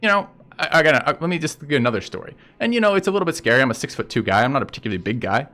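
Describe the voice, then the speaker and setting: A man's voice: mid-range voice, sing-song, rapid-fire, bright, forceful tone. A man streaming and telling a story in casual chat with viewers, blunt and profane as he rants about a road dispute.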